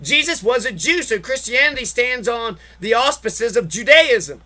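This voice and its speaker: Very high-voiced, sharp-toned ranting man. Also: animated, normal speed. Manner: heavy swearing, exasperated ranting. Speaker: podcast host. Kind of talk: profane political rant.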